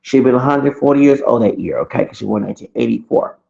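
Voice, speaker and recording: A man telling a heated, rambling personal story to camera, repeating himself and swinging between loud and soft. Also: medium pitch, quick pace, creaky, highs cut off. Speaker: vlogger.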